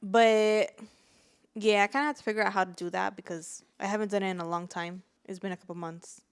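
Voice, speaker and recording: A young woman with a smooth, clear voice chats casually as a podcast co-host. She jokes and teases, keeping things light. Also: medium pitch, fairly even intonation, fairly quick. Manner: playful, joking, laughs often. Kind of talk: casual chat.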